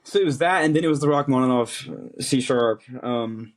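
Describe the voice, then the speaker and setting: A man's voice: medium pitch, normal speed. A young man hosting a podcast, chatting casually and thinking aloud with many fillers and restarts. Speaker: podcast host. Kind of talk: casual chat.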